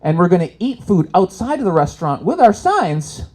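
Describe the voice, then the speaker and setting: Man, stand-up comedian, from Canada, lively swooping pitch, slightly high voice, acts out voices. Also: normal speed. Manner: animated storytelling, acts out characters with voices. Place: expo stage in front of a live audience.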